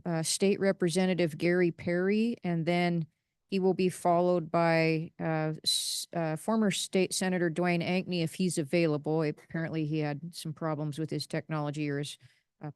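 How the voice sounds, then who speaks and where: A woman's voice: low-pitched, level tone, moderate pace, darkish tone, clean tone, no room sound, studio quality. A woman chairing a commission hearing, calling speakers in a procedural way with fillers. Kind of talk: meeting chairing.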